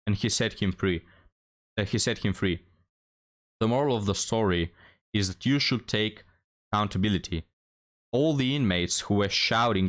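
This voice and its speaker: A man with a fairly low voice hosts a commentary show. He lectures his viewers in a preaching way and turns his point into a moral tale. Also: normal speed. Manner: lecturing, tells a moral story. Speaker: commentary host. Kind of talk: reaction commentary.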